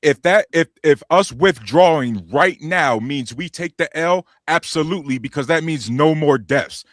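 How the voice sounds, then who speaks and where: Brief: pushy male interjector, slightly high voice, dry mic. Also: moderate pace, dry recording. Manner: insistent, loud interjections. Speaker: debate guest.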